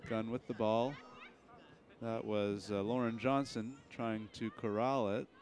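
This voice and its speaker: A young man calls a school soccer match play by play, steady and even. He is recorded outdoors at the field with a faint hum of noise behind him. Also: lowish voice, measured pace. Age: young adult. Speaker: play-by-play announcer. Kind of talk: live sports commentary.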